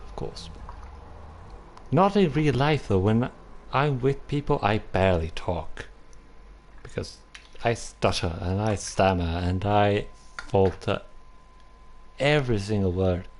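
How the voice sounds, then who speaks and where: Male streamer, low voice, slow, rambling chat, self-conscious, apologetic. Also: a little mellow, a little hiss or hum. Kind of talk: casual live-stream chat.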